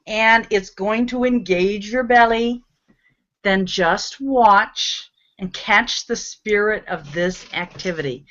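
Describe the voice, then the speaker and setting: Bright-voiced woman host, unhurried and upbeat. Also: a little high. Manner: upbeat, coaxing, laughs along. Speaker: host leading laughter exercises. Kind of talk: livestream talk show. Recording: dull lo-fi audio.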